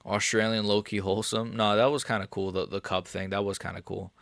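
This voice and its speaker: A man's voice: lowish voice, little pitch movement, brisk, gravelly, fairly bright tone, no room sound, clean studio sound. A man hosting a casual MMA livestream, answering viewers in a profane, rambling way. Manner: profane, rambling, talks straight to chat.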